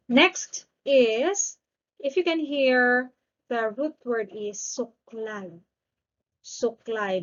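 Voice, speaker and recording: Woman teacher, slow patient drilling, repeats words twice, higher voice, dull lo-fi sound. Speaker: language teacher. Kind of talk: grammar lesson with slow drilled repetition.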